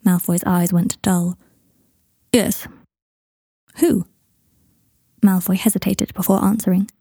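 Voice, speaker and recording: A woman narrating fan fiction in an even, steady storytelling manner. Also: fairly low pitch, moderate pace, vocal fry, slightly rough, no room sound, clean studio sound. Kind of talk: reading fan fiction aloud.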